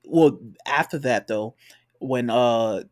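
A man's voice: mid-range voice, takes it slowly. A man in casual conversation, talking hesitantly with many fillers. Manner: hesitant, lots of fillers and restarts. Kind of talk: casual chat.

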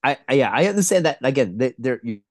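A man's voice: mid-range voice, sing-song, fast talker, a little mellow, dry recording. Man with a clogged nose, ranting. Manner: ranting, emphatic, swears often. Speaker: podcast co-host. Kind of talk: casual movie-review chat.

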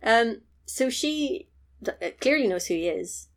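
A woman's voice: a little high, expressive, measured pace. A woman, co-hosting a casual podcast and animatedly retelling a film's plot, swearing freely and slipping into character voices. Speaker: podcast co-host. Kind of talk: casual film recap chat.

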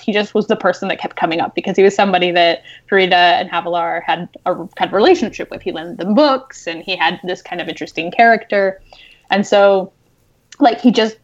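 A woman novelist talking casually about her writing, animated and excited, with many fillers. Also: medium pitch, dull audio. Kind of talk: casual podcast chat.

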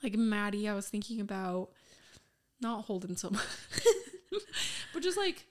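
Young woman, podcast co-host, casual chat, chatty storytelling, mid pitch. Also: big pitch swings, slow.

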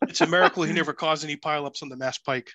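A man telling family stories in a loose, joking ramble, often breaking into laughter. His voice sits a little high and bright. The recording is dry and close. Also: steady tone, racing, no echo. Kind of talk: casual family chat.

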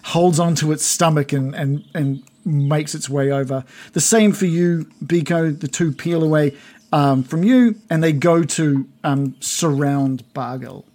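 A man's voice: on the high side, measured pace, darkish tone. Giggly rambling game master man. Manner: rambling, giggly, full of fillers. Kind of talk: narrating a tabletop game.

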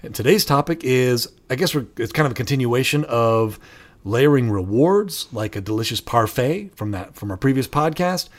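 A man's voice: mid-range voice, normal speed. A middle-aged man co-hosting a podcast in casual chat, telling stories animatedly and acting out quotes. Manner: animated storytelling, acts out movie quotes. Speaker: podcast co-host.

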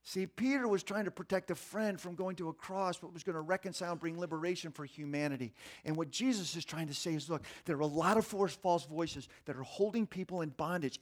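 A man preaching a sermon in an animated way, acting out the voices of the people he quotes. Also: fairly high pitch. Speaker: pastor.

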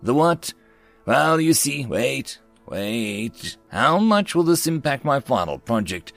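A man's voice: mid-range voice, sing-song, slow pace, gravelly, a bit bright, faint music behind, pitched above the performer's own voice, heavily acted. A man voicing a weary human worker who answers the aliens with exasperated complaints.

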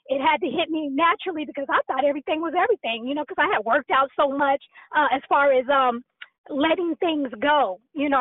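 A high-pitched woman calls in over a thin phone line and shares a personal testimony. She speaks earnestly, filling her sentences with "you know". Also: dry recording. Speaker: caller sharing a testimony.

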